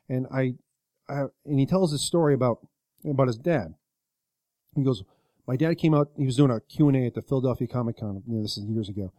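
A podcast co-host casually retells a story, rambling with lots of fillers and "likes" and acting out what people said in quoted voices. His voice is medium-pitched and warm, a little fast, in a dry recording.

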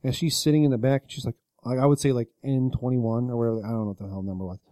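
Fast-talking rambling man, dry mic. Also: medium pitch, fairly even intonation, dark tone, dry recording. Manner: rambling storyteller, self-deprecating, swears casually. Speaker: podcast co-host. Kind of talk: casual podcast chat.

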